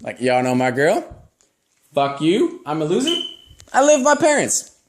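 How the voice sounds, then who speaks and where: A man's voice: fairly high pitch, huge pitch swings, normal speed. A young man doing a stand-up set, telling crude stories in a rambling, profane way. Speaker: stand-up comedian.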